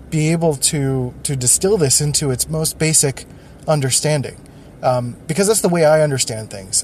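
A man's voice: a little high, darkish tone, a little hiss or hum. Rambling man hosting a solo podcast. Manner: rambling, thinking aloud with restarts. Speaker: podcast host.

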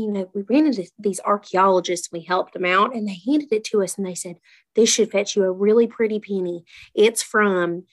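A woman's voice: mid-range voice, poor audio. Give me a woman improvising a breezy in-character story at a tabletop game. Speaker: player.

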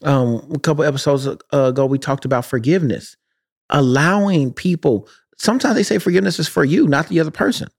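Man, podcast co-host, soft and slow, reflective, close mic. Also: a little high, gravelly. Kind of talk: casual podcast chat.

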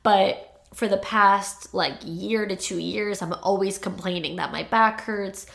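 A woman's voice: medium pitch, unhurried, vocal fry, a bit bright. A young woman hosting a podcast, confiding about her life in a rambling way, still choked up from crying. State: choked up, tearful. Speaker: podcast host. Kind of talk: casual personal monologue.

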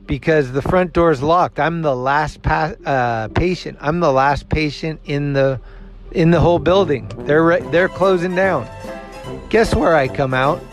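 A man telling a story in a casual monologue as a show host. He is animated, acts out the other people's lines, swears freely and laughs at himself. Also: a little high.

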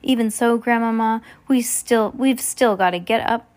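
A woman's voice: on the high side, normal speed, darkish tone, lightly acted. A woman reading as an earnest boy turned mouse. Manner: earnest, slightly stumbling.

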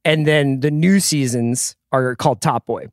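A man's voice: mid-range voice, measured pace, dry recording, clean studio sound. A man in his forties co-hosting a podcast, chatting casually with jokes, tangents and self-deprecating asides. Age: 40s. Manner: joking, rambling, self-deprecating. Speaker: podcast co-host. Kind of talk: casual chat.

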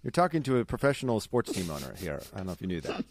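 A man's voice: fairly low pitch, big pitch swings, very fast, background noise. A young man co-hosting a casual podcast, chatty and giggly with lots of ums. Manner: chatty, giggly, many fillers. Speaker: podcast co-host.

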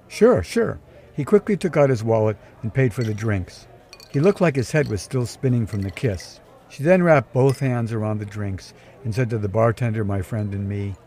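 A man narrating a scripted first-person story in a dry, wry, measured way. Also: lowish voice, mellow. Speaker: podcast storyteller.

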